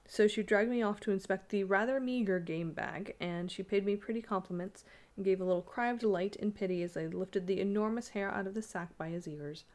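Woman reader, mid-range voice, measured storytelling narration. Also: medium pitch, darkish tone. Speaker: audiobook reader. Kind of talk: reading a ghost story aloud.

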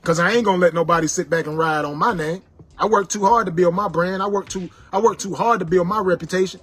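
A man's voice: high voice, fairly bright tone. A man angrily lecturing his viewers, repeating his warnings like a sermon. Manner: angry, repetitive, sermon-like warnings. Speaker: internet personality ranting to viewers. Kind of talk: angry preachy monologue.

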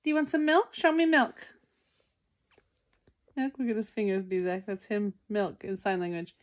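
A young woman filming her toddler at home on a phone, talking to him in coaxing, sing-song baby talk. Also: sits high. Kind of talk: home video chat with a baby.

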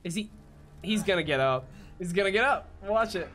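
A man giving live gameplay commentary as a let's play gamer, jumpy and swearing often with loud startled outbursts. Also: high voice, lively intonation, normal speed.

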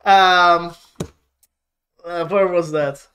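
Slow, halting man chatting on a podcast. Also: high-pitched, fairly even intonation, bright, forceful tone, clear, resonant tone. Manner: halting, many fillers and restarts, laughs often. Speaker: podcast co-host. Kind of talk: casual chat.

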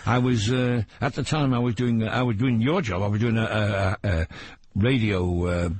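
An older man from England tells jokey stories as an interview guest, his voice pitched a bit low and very husky. He keeps slipping into playful regional impressions. The sound comes from an old radio broadcast. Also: steady tone, moderate pace, darkish tone, dry recording. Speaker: comedian guest. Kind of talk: anecdotal interview chat.

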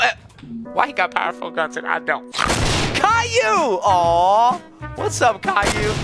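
A middle-aged man giving goofy, excitable commentary while playing a video game, with sudden shouts and silly voices. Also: extremely high pitch. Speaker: gaming channel host.

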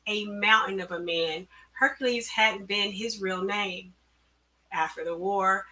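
A woman author reading her own story aloud, measured and careful, at an online event through a computer mic. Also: medium pitch, sharp tone. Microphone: computer mic on a video call.

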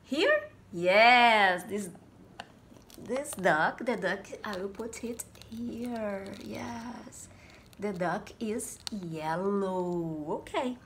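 A woman teaching English to small children, slowly repeating simple words and making animal sounds. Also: medium pitch, a little hiss or hum. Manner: slow, sing-song, repeats words, makes animal sounds. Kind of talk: slow, simple classroom lesson for small kids.

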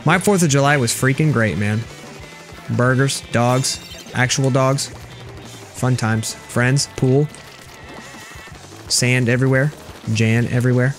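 A young man talks casually through a livestream of a game, blunt and sarcastic as he answers chat. His voice sits at an ordinary middle pitch. Faint game music plays under his voice. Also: slow pace, long pauses. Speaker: game streamer. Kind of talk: casual gameplay commentary reading chat.

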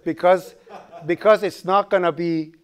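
A man with a Persian accent giving a programming lecture, animated and joking, asking the class questions as he goes. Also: high voice, unhurried, clean tone. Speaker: programming instructor.

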